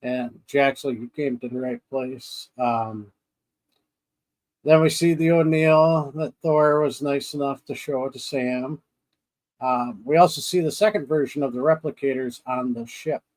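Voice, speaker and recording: A man's voice: mid-range voice, unhurried, darkish tone, rough recording. A man co-hosting a podcast in casual chat, rambling through scenes, acting out his own reactions and laughing often. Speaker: podcast co-host.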